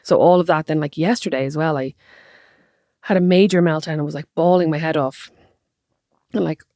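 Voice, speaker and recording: Irish woman, 30s, podcast co-host, quick and chatty, low-ish voice, dry close sound. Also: fairly even intonation, dark tone, dry recording. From Ireland. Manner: chatty, self-deprecating, laughs often. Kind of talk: casual chat.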